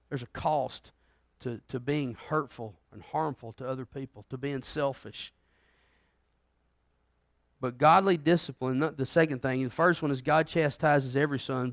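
Man preaching with loud and quiet swings. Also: a little high, no room sound, studio quality. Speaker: pastor. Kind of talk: sermon.

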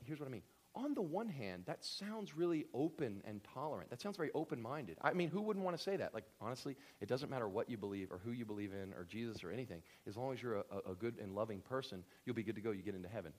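A man's voice: medium pitch, a little mellow. A man preaching a sermon in a casual, conversational way, acting out the voices he quotes. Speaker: pastor.

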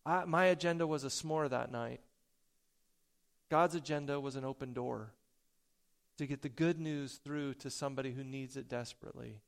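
A man preaching a sermon, telling a personal story with loud emphasis, soft asides and stammered repeats. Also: medium pitch, normal speed, creaky, pauses often. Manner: stammers and repeats words when excited. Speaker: pastor.

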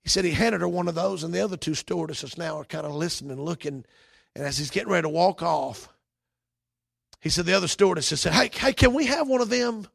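A man preaching a sermon as pastor, impassioned, his delivery rising to shouts. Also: fairly high pitch, quick pace, vocal fry, husky.

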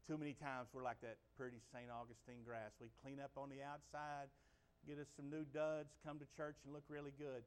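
A middle-aged male pastor preaching a folksy sermon, by turns quiet and conversational and loud and excited. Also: medium pitch, a little fast, clean tone.

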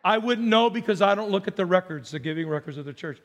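A middle-aged man with a high voice preaches from the pulpit. He asks the congregation questions and has them repeat words back to him. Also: animated, quick pace. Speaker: pastor. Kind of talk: sermon.

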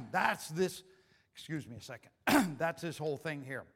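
High, bright-voiced male preacher in a hall. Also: sing-song, a little slow, husky. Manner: conversational and joking, acts out quoted lines. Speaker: pastor. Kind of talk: sermon.

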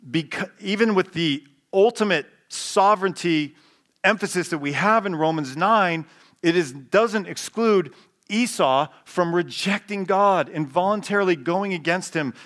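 A pastor preaching a sermon to a live congregation. He jokes with the people in the pews and slows down to read scripture with emphasis. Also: fairly high pitch, fairly bright tone. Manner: playful, joking asides with the congregation; reads scripture slowly with emphasis. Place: church sanctuary with live congregation.

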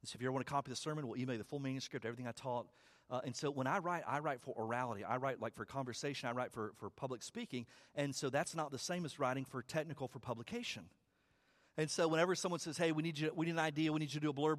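A man preaching a sermon as pastor, talking conversationally, repeating words, and building to loud, high climaxes. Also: rapid-fire.

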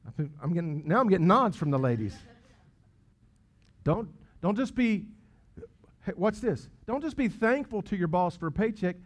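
A man preaching a sermon, earnest and emphatic, swinging between loud peaks and hushed asides. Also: high-pitched, expressive, normal speed. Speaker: pastor. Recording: dull lo-fi sound.

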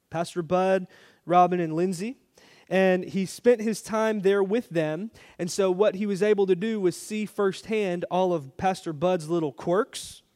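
Male pastor, fairly high voice, chatty sermon storyteller. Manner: conversational, warm storytelling with quoted dialogue.

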